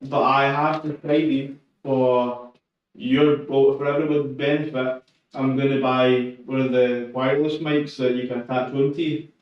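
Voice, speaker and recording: This man, training for a powerlifting meet, chats easily on a live stream, swearing here and there. He speaks at a medium pitch and a measured pace. The audio, captured by a shotgun mic on a camera some distance off, sounds muffled, echoey, and lo-fi.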